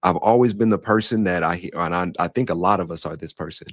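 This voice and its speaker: A young man from Denver with an African American English accent and Southern touches, slightly nasal and raspy, telling stories in a casual monologue as a podcast host. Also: sits low, fast, no echo, clean studio sound. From Denver, Colorado. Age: young adult. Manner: storytelling, shifts voice up and down.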